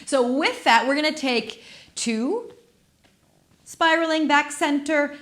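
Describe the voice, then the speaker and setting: A woman movement instructor guiding an exercise class on a dedicated microphone, gentle, playful and encouraging, with soft laughs. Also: high voice, takes it slowly, long pauses. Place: studio.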